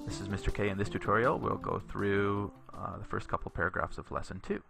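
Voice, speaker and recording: A man teaching a Latin lesson in a recorded tutorial, reading sentences slowly for learners to repeat and explaining patiently with a few fillers. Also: on the low side, vocal fry, music in the background. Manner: slow, deliberate reading aloud for learners to repeat.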